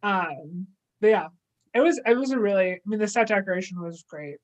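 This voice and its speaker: A woman's voice: medium pitch, brisk. A young woman co-hosting a casual podcast, retelling a plot with many fillers. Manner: casual, filler-heavy, acts out quoted lines. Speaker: podcast co-host.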